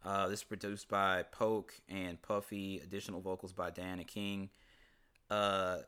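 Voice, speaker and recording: A man's voice: low voice, level tone, a little slow, sharp tone, clear, resonant tone. A man hosting a casual talk about an album, chatting loosely, swearing freely and reading quotes aloud. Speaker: podcast host discussing an album. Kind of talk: casual commentary with read-out quotes.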